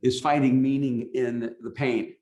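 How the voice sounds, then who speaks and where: A reflective man hosts an interview podcast in a roomy, echoing space. He speaks in a middle pitch, pausing to search for the right words. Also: fairly even intonation, a little mellow, muffled recording. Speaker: podcast host. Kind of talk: interview conversation.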